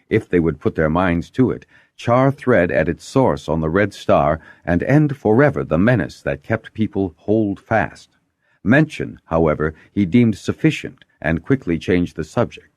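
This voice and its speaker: A man's voice: no room sound, studio quality. A man narrating a fantasy audiobook and giving each character a voice of its own. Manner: voices many characters with lively pitch shifts.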